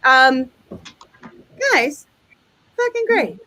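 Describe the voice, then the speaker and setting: A woman's voice: high-pitched, big pitch swings, slow, pauses often, background noise. A woman hosting a live online comedy game show in a loose, chatty, sometimes swearing way, on a video-call mic.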